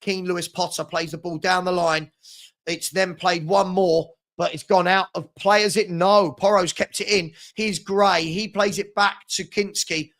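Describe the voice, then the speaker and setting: A man's voice: high voice, fairly bright tone. A man hosting a live fan watchalong, giving partisan running commentary on the match and getting exasperated with his own side's mistakes. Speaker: watchalong host.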